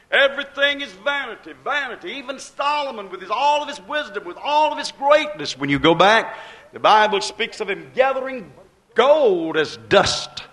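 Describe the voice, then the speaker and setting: A man's voice: extremely high pitch, sharp tone. A man preaching a sermon with a rising and falling cadence, repeating phrases as he builds each point.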